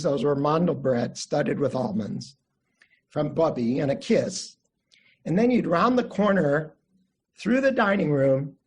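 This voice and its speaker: An older Midwestern American man teaching Jewish studies leads an online class, his voice a little high and slightly husky. He lectures through warm family anecdotes in a friendly, conversational way, animating the voices of the people he quotes.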